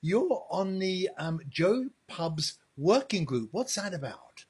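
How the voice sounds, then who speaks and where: Male interviewer, husky, animated pitch, brief affirming questions. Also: slow pace. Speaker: interviewer, show host. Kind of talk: casual interview.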